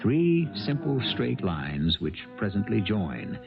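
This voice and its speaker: A man hosting a 1970s radio drama, musing aloud in a measured storytelling manner. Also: fairly low pitch, very animated, creaky. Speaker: host. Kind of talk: radio drama host commentary. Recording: dull 1970s radio broadcast over music.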